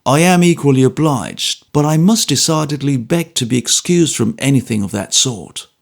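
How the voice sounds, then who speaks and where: A man's voice: medium pitch, moderate pace, vocal fry, lightly acted. A man reading an audiobook and voicing a bluff, good-humoured former soldier who speaks steadily, politely and stubbornly. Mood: firm, polite.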